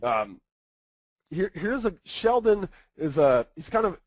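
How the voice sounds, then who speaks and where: A man's voice: high voice, sing-song, takes it slowly, dry recording, low-quality recording. A man giving a casual webinar presentation, talking conversationally and often checking in with his listeners.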